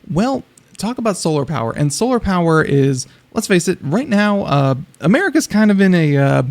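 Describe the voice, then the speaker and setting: A man's voice: on the high side, vocal fry. A man co-hosting a casual tech talk show, rambling and joking with many restarts. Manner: rambling, lots of you-knows and restarts, joking. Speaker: co-host.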